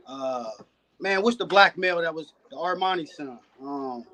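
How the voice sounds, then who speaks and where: Guest breeder, male, relaxed storyteller, fillers everywhere, a touch high. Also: normal speed. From United States. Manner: laid-back, drops in "man" and "you know" often. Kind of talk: casual podcast storytelling.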